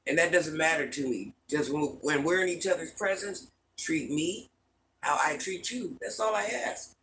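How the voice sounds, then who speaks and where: A woman's voice: low voice, normal speed, fairly bright tone, a little hiss or hum, poor audio. An older woman hosting a casual livestream from home, chatting with viewers and greeting them with pet names. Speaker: livestream host.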